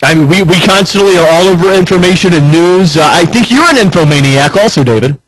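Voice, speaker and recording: A man's voice: high-pitched, fast, low-quality recording. A man co-hosting a casual talk radio show, quipping and agreeing readily. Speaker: co-host.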